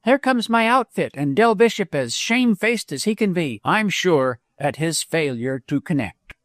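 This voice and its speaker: Man putting on a bold young woman, commanding, teasing, raised pitch, dry close audio. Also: big pitch swings, moderate pace, no room sound. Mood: brisk. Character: bold, self-assured young woman on the trail.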